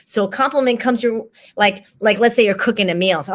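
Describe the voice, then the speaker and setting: A woman's voice: mid-range voice, brisk, hardly any pauses. A woman guest chatting casually, animatedly acting out little quoted exchanges as she explains her point. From grew up in a Chinese cultural setting. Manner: animated, acts out quoted phrases. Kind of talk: casual conversational chat.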